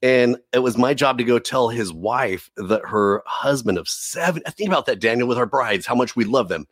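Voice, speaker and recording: A man's voice: mid-range voice, expressive, normal speed, no room sound, clean studio sound. A man giving an earnest, emotional faith testimony as a podcast guest, often saying "dude". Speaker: preacher.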